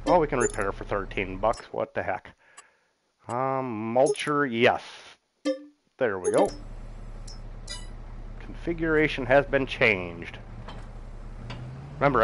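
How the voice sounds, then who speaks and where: A man's voice: mid-range voice, gravelly, a little hiss or hum, poor audio. Easygoing middle-aged man narrating his gameplay. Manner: chatty, easygoing, chuckles often, talks to himself as he plays. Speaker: game streamer. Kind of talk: casual gameplay commentary while reading chat.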